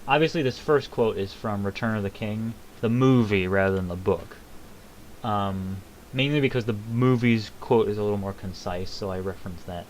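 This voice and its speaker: A man's voice: on the low side, normal speed, a little hiss or hum, poor audio. A young man casually commenting on a game's lore, rambling with many ums and self-deprecating jokes.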